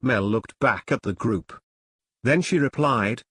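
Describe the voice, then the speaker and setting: A man narrating a story in a plain, even storytelling read. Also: medium pitch, takes it slowly, slightly rough, dry recording, clean studio sound. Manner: plain storytelling read, few voice changes for characters. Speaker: audiobook narrator. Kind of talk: scripted narration.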